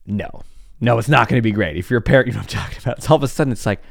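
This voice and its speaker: A man's voice: mid-range voice, very fast, creaky, dry recording, clean studio sound. A middle-aged man, a psychologist, telling stories in a podcast monologue, acting out scenes and laughing often. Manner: animated storytelling, acts out scenes, laughs often.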